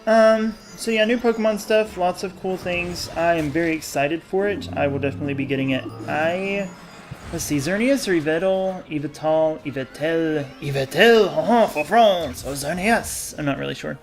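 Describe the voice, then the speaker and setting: A man's voice: sits high, fairly even intonation, a little fast, soft background music. A young man hosting a gaming channel, rambling in casual commentary over gameplay and often losing his train of thought.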